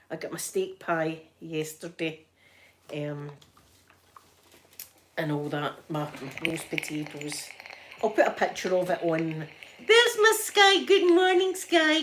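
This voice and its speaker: Chatty Glaswegian woman, soft spoken. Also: lowish voice, slight background noise. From Scotland. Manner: chatty storytelling with frequent laughs and soft asides. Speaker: ASMR livestream host. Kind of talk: casual chat.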